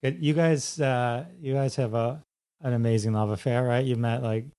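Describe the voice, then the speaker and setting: A man's voice: mid-range voice, fairly even intonation, moderate pace, dark tone, smooth. Eager male podcast host. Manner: eager, leans on "like" as a filler. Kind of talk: casual interview chat.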